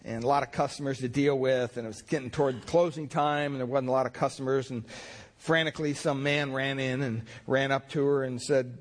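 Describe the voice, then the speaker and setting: A man's voice: medium pitch, steady tone, a little fast. A male pastor preaching a sermon in a folksy, rambling way, telling stories with many fillers.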